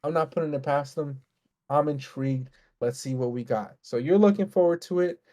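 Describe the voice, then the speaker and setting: A man's voice: fairly high pitch, dark tone. Fired-up profane man ranting. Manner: heated, profane, fast ranting. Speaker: podcast co-host. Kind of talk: casual wrestling podcast rant.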